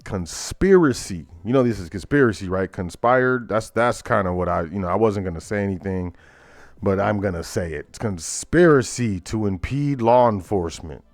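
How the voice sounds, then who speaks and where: A man's voice: on the low side, moderate pace, no room sound, soft background music. A man hosting a casual current-events talk show, reading headlines aloud and breaking into laughter with loose asides. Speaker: host.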